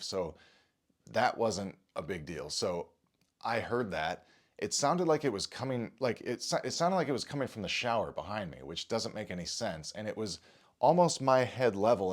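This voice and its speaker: A shaken father speaking straight to camera, recounting an unsettling experience with frequent stammers, restarts and the odd curse. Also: on the low side. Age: adult father. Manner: rattled, stammering, restarts and swears. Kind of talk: shaken first-person account to camera.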